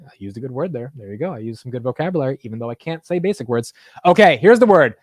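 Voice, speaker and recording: A man's voice: mid-range voice, lively intonation, quick pace, no echo. Chatty man hosting a market livestream. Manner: loose and chatty, says "dude" a lot, jokes at his own expense. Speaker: livestream market show host. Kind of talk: casual live-stream chat.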